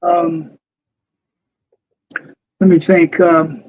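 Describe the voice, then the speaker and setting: High-voiced older man telling stories. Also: flat delivery, extremely slow, lo-fi sound. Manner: rambling anecdotes, frequent laughs. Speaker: guest, former wrestler. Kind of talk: casual storytelling interview.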